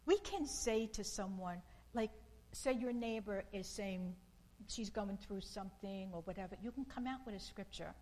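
A woman giving an informal sermon in a slow, earnest and repetitive way, with bursts of emphasis. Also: medium pitch, darkish tone, slight background noise, poor audio.

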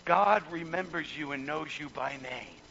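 A man preaching a fervent sermon, repeating words and building to shouts. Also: a little high, normal speed, gravelly, muffled recording, a little hiss or hum. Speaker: pastor.

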